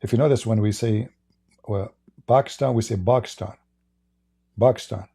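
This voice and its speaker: A man's voice: on the low side, fairly even intonation, a little fast, creaky, mellow. A man with an Arabic accent speaking to viewers as an online religious debater, sarcastic and repetitive, with stammering restarts. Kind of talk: addressing viewers in a stream.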